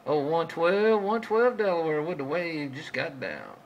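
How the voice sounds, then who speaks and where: A man's voice: a little high, big pitch swings, measured pace, background noise. A man trading folksy CB radio chatter with other operators, drawing out his calls and repeating his stock phrases.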